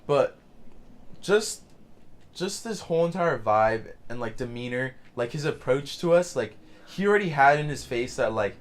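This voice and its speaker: A man's voice: mid-range voice, animated, moderate pace. A young man telling a story while playing a game, rambling with many fillers and restarts. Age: young adult. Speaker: let's play commentator. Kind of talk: casual storytelling over gameplay.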